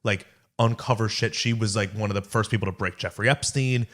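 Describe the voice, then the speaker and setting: A young man co-hosting a podcast chats casually in a lowish, steady, slightly bright voice, speaking fairly quickly. His storytelling rambles and is heavy with fillers.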